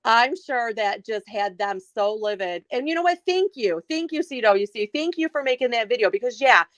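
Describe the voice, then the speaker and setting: A woman guest on a casual live stream, outspoken and animated, acting out the voices of people in her stories with frequent restarts. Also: fairly high pitch, normal speed, dry recording. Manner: animated, outspoken storyteller acting out quoted dialogue.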